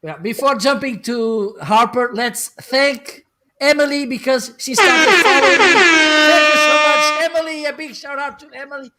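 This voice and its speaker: A man hosting a live video stream, upbeat as he shouts out viewers and hands the floor to the next guest. His voice is very high for a man and bright, with a sharp edge. He sounds eager and energetic. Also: moderate pace, a little hiss or hum. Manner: upbeat, thanks viewers by name. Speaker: host.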